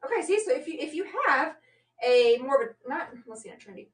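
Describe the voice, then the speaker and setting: A woman's voice: sits high, brisk. Chatty woman selling live, roomy and distant. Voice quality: chatty, rambling, many fillers and self-corrections. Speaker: live shopping host. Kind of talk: casual live-stream sales chat. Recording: roomy sound, mic at a distance.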